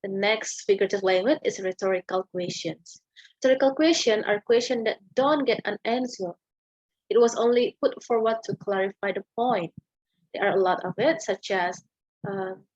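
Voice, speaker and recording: A woman's voice: medium pitch, normal speed, darkish tone, no room sound. A young woman with an Indonesian accent giving a class presentation on a poem, hesitant, with many fillers and tag questions. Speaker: student presenter. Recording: dull lo-fi home recording.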